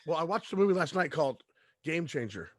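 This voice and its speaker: Male co-host, brash and profane, rapid-fire delivery, dry close-miked sound. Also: a little high, big pitch swings, no echo. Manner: brash, swears freely, jokey. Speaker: podcast co-host. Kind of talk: casual podcast banter.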